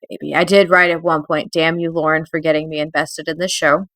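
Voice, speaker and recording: A woman co-hosting a TV recap podcast in casual chat, excitable, swearing freely and getting teary. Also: low-pitched, fast talker, dry recording. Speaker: podcast co-host.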